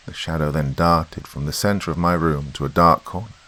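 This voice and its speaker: A man reading a horror story as a podcast narrator in a slow, brooding way. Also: a bass voice, sharp tone.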